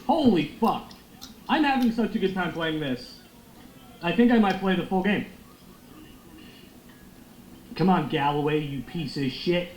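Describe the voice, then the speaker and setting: A young man giving loud, excitable, profane commentary while playing a football video game. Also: on the high side, moderate pace. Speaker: gaming streamer. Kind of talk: live gameplay commentary. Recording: echoey room with faint noise.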